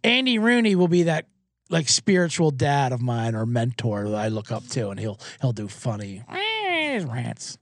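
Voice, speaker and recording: Excitable, rambling male podcast host. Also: medium pitch, a little slow, no echo. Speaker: podcast host and sports bettor. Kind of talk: casual sports betting rant. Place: small booth, alone.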